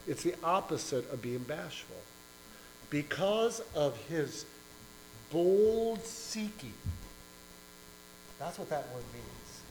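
Animated preacher man in an echoey church. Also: fairly high pitch, slight background noise. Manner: animated storytelling, acting out voices and shouts. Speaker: pastor. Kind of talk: sermon.

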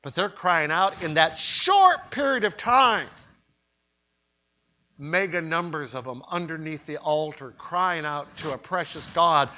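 A man preaching a sermon in an emphatic way, rising to loud cries when he voices quoted pleas. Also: fairly high pitch, expressive, measured pace. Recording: dull lo-fi sermon recording.

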